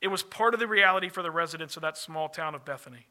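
A man preaches a sermon with a high, strikingly bright voice. He speaks earnestly, often slowing down and sinking to a hushed tone on the phrases he wants to land. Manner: earnest, slows and drops softly on key phrases. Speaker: pastor.

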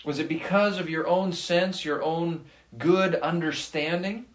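A man preaching a sermon in a slow, deliberate cadence, his voice sitting a little high for a man. He is earnest and emphatic, leaning on key words. The sound carries a roomy echo. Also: fairly even intonation. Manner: earnest, slow and emphatic, reads scripture aloud. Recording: echoey room.

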